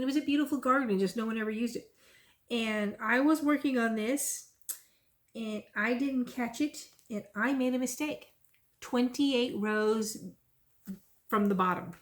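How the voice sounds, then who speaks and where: A middle-aged woman, chatting casually about her cross stitch and telling rambling stories. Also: fairly high pitch. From Texas. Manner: chatty, rambling, lively when retelling stories. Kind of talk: casual chat and storytelling.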